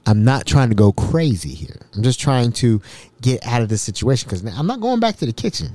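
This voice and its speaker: A man hosting a podcast, telling stories in an animated, repetitive, exasperated way. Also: medium pitch, brisk, no echo. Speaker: podcast host. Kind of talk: casual storytelling.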